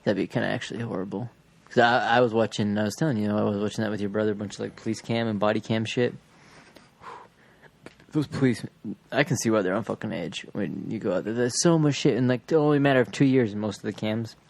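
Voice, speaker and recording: A man's voice: fairly low pitch, fast, creaky. A man chatting casually and rambling, swearing and acting out what other people said. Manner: rambling, profane, acts out quoted voices. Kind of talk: casual chat.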